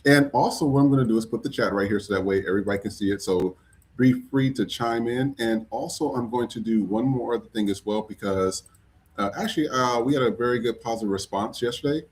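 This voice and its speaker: A man's voice: mid-range voice, a little fast. A man hosting a live podcast stream, chatty and upbeat, with frequent fillers. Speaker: podcast host. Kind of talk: casual live-stream chat.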